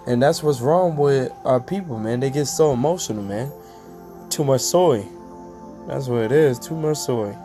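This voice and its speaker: A man's voice: mid-range voice, dark tone, soft background music. A man teaching from scripture in a casual, slangy way, breaking off often to ask if his listeners follow. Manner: slangy, drawn-out emphatic delivery, frequent asides. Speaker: street preacher.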